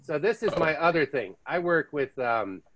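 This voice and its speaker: An American man hosting a podcast, telling stories in a chatty, casual way with lively asides. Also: fairly high pitch, moderate pace, slight background noise. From United States. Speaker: podcast host. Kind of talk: casual chat.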